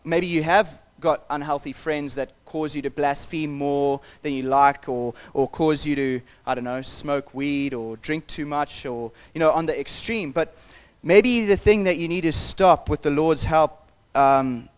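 Earnest preacher, slightly high voice. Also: male voice. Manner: earnest, conversational, encouraging. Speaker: pastor. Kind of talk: sermon.

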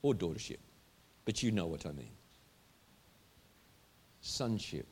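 A man's voice: deep voice, big pitch swings, slow pace, slightly rough. A man preaching a sermon to a congregation in a church, emphatic and driving home his points with repeated rhetorical questions. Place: church hall before a congregation.

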